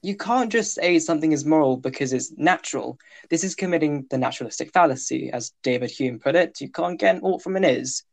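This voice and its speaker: A man's voice: on the high side, expressive, fairly quick, vocal fry, few pauses. A young man co-hosting a casual ethics discussion, joking lightly and using fillers as he explains.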